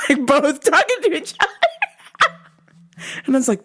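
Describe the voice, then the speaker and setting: A woman's voice: mid-range voice, sing-song, brisk, long pauses. A woman podcast host telling a comic story, profane and exasperated.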